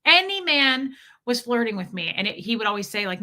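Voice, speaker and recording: A woman frankly telling a painful personal story, uneasy and halting at times, with some swearing. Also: fairly high pitch, lively intonation, sharp tone. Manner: uneasy, halting and self-correcting.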